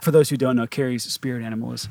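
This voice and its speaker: A man's voice: medium pitch, steady tone, rapid-fire, creaky, darkish tone. Playful chatty male podcast host. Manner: playful, chatty, laughs often. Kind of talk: casual chat. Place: podcast studio.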